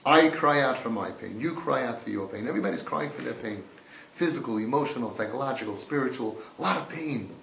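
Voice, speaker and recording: A man teaching a sermon-style class, swinging from hushed to loud and mixing in Yiddish and Hebrew terms. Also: medium pitch, animated, a little fast, creaky. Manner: swings between hushed and shouting, acts out voices. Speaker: rabbi giving a Torah class. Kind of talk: impassioned sermon. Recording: echoey room.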